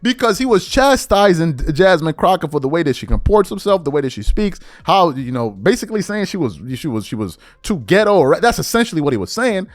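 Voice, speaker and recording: Male podcast host, high voice, swinging pitch, incredulous commentary, dry studio, faint music. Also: a little fast, hardly any pauses, no echo. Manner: animated, incredulous, reads articles aloud. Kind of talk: political commentary.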